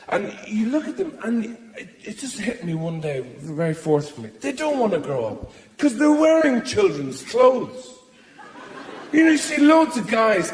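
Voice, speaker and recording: A stand-up comedian performs his routine on a large theatre stage in front of a live audience, his pitch lively as he rambles in an exasperated, mock-indignant way. The hall is echoey, and the crowd's laughter comes through.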